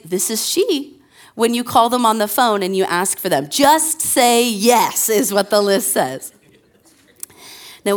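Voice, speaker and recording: A young woman pastor preaching from a church stage, talking casually into a handheld mic. She tells funny everyday stories in a loose, chatty way, full of fillers and asides, before easing into scripture. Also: mid-range voice. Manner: chatty, self-deprecating storytelling with fillers. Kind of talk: conversational sermon.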